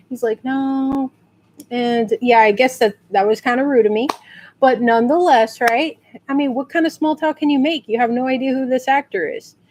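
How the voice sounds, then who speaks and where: A woman from San Antonio, Texas, chatting casually in a rambling way and acting out quotes in high squeals. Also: a little mellow, slight background noise. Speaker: vlogger. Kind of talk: casual storytelling rant.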